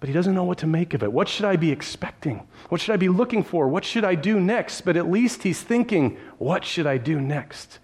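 Brief: male pastor, slightly higher-pitched voice, dramatic sermon storytelling that speaks straight to listeners. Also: animated, brisk, hardly any pauses, a little mellow, husky. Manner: vivid retelling with frequent restarts; addresses listeners directly.

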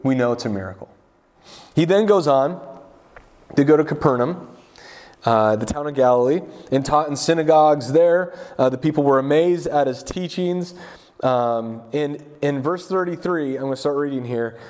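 A man's voice: a little high, moderate pace, darkish tone. A young man preaching in a loose, conversational way, joking and talking around the text with plenty of fillers. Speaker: pastor. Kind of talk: casual conversational sermon.

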